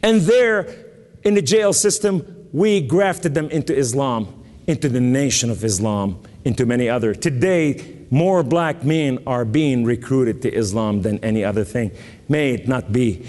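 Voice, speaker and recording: A man from Lebanon preaching an emphatic testimony sermon with sudden rises and dramatic pauses. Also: medium pitch, darkish tone, in a large hall. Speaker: guest preacher.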